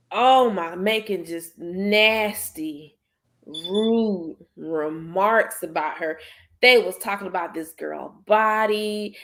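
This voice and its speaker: A woman's voice: mid-range voice, fairly bright tone. A woman hosting a podcast in casual chat, speaking bluntly and emphatically, swearing freely. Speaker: podcast host.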